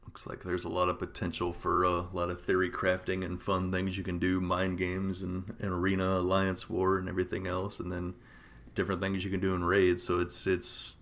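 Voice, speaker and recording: Deep gravelly man, laid-back. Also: monotone, brisk, a bit bright. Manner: laid-back, brief replies, laughs a lot. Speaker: podcast co-host. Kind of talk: casual gaming podcast chat.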